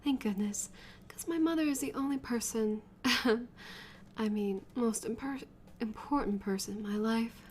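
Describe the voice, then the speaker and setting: A woman voicing a shy young huntress on a date, speaking softly and nervously in a dating game. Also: a little high, unhurried, slight background noise, natural voice.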